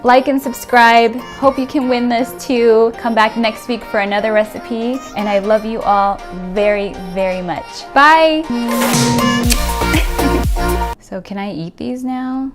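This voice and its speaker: A woman's voice: fairly high pitch, fairly even intonation, slow pace, soft background music. A woman hosting a home cooking vlog, talking to viewers in an effusive, chatty way with plenty of "like" and "you know", gushing with gratitude. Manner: gushing and grateful toward viewers. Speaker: cooking channel host. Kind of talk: casual cooking vlog sign-off.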